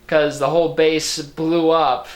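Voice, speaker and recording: A man's voice: a little high, level tone, a little slow, slight background noise. A man giving a casual movie review. He slips into a Boston accent, rambles, jokes sarcastically and swears freely. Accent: slipping into a Boston accent. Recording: roomy room echo.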